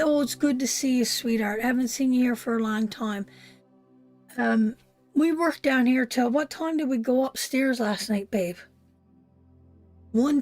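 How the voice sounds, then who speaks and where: A woman's voice: on the high side, a little mellow. A woman giving an emotional live tarot reading, speaking tenderly and directly to her viewers. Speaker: tarot reader.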